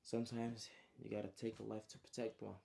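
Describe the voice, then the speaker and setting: A man putting on a tough young friend with blunt slang and a mellow, dark tone. He talks hard and streetwise, the kind of guy who backs his friend in a fight. It's a storytime retelling, not a polished production. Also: lowish voice, completely flat delivery, fast, lightly acted. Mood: soft.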